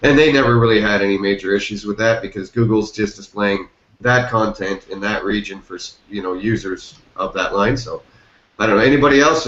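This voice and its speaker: A man with a fairly low, slightly bright voice hosts a casual group chat, loose and laughing as he thinks aloud with plenty of fillers. The call audio is echoey and dull.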